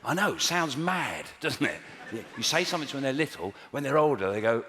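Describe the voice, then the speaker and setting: A man's voice: medium pitch, sing-song, brisk, background noise. A man doing a stand-up routine, wry and exasperated, with bursts of mock outrage. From England. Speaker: stand-up comedian. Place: large theatre stage with live audience. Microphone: stage mic. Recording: echoey hall with loud audience laughter.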